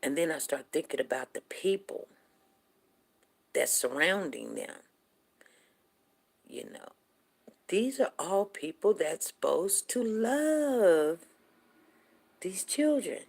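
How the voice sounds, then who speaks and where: A woman's voice: lowish voice, very animated, slow pace, gravelly, long pauses, darkish tone, breathy edge. A woman hosting a show, telling rambling folksy stories. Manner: rambling, folksy, with many restarts. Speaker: show host. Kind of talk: casual storytelling monologue.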